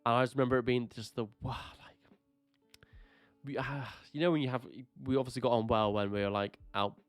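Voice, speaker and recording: A man's voice: mid-range voice, steady tone, brisk, clear, resonant tone, no room sound. A man co-hosting a casual podcast, rambling through stories, laughing often and swearing freely. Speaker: podcast co-host. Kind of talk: casual chat. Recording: dry with faint music.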